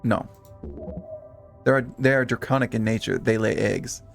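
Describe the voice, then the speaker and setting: A man's voice: on the low side, normal speed, vocal fry, soft background music. A man voicing a male kobold who speaks in short, broken phrases. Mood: blunt.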